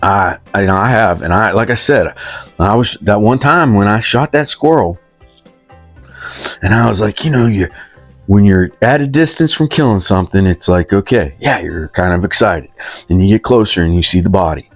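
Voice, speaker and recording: Low-voiced man in his fifties. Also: normal speed, dry recording, soft background music. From West Virginia. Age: 50s. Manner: rambling, self-mocking, talks about himself in third person. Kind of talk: rambling comic monologue.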